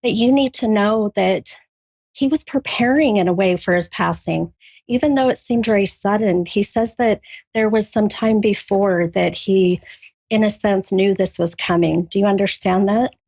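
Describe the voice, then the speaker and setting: A woman doing a psychic reading for a caller, halting with many ums, then bursting into gushing excitement. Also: medium pitch, no echo, dull audio. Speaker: psychic medium. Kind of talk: live spirit reading with a caller.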